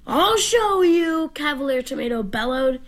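A young reader voicing a storybook passage aloud, lively and animated. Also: female voice, fairly high pitch, moderate pace, pitched above the performer's own voice, natural voice.

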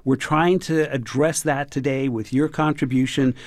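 A man on public radio explains how a fundraiser works, earnest and steady, with the odd "uh" along the way. His voice sits in the middle of the range. The studio sound is close and dry. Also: medium pitch, normal speed, no echo. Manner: earnest, explanatory, occasional fillers. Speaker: radio host. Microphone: studio microphone.

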